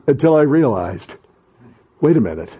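A middle-aged male pastor preaching a sermon, fervent and repetitive, swelling into loud exhortation and stumbling into restarts during asides. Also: mid-range voice, very animated, normal speed, breathy edge, highs cut off.

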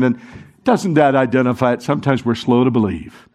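A middle-aged man preaching a sermon, animated and urging the congregation to join in. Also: mid-range voice, brisk. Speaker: pastor.

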